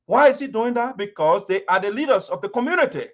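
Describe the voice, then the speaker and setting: Man, emphatic and repetitive, fairly high voice, muffled lo-fi audio. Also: lively intonation, fast talker. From Liberia. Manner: emphatic, repetitive, rising to sharp peaks. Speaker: community commentator. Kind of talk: impassioned commentary. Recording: dull lo-fi sound.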